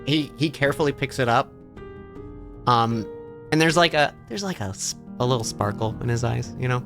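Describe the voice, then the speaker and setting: A man narrates a tabletop game as its game master, stopping and restarting his phrases often. His voice is bright, with faint music behind. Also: mid-range voice, animated. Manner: halting, with many fillers and restarts.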